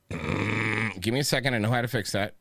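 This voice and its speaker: A man's voice: fairly low pitch, unhurried, creaky, bright, forceful tone, no echo. A man hosting a podcast in casual chat, rambling, swearing and laughing often. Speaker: podcast host.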